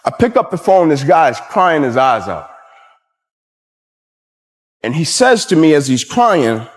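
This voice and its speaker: A man's voice: fairly high pitch, sing-song, unhurried, long pauses, long reverb tail. Male former athlete, emphatic motivational storyteller.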